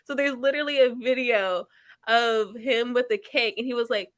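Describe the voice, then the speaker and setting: A woman's voice: on the high side, steady tone, moderate pace, fairly bright tone. A woman hosting a casual reading-sprint stream from home, chatting in a rambling way and laughing often. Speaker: livestream host.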